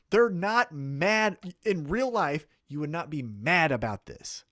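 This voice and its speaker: A man co-hosting a wrestling podcast, chatting casually in a fairly high, lively voice that swings widely in pitch. He swears freely and keeps slipping into mock voices to act out quotes. The sound is dry and close. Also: slow, dry recording. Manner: animated, profane, acts out mock quotes.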